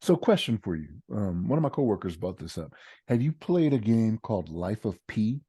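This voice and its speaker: Laid back podcast guy, low voice that swoops around a lot, kinda husky. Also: very animated, normal speed, dark tone. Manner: short agreeing replies, laid back. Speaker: podcast co-host. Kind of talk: casual chat.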